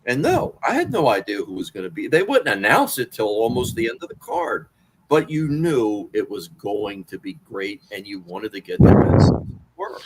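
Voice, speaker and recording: A man in his sixties telling wrestling stories as an interview guest, animated and profane, jumping to much higher pitch when riled. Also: moderate pace, a little hiss or hum, poor audio. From Washington D.C. area. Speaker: interview guest, wrestling author and former manager. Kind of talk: casual storytelling interview.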